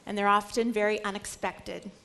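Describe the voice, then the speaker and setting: A woman's voice: medium pitch, flat delivery, normal speed, vocal fry, pushed and bright. A middle-aged woman teaching a Bible lecture, earnest and emphatic. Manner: earnest, acts out scripture quotes with emphasis. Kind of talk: religious lecture.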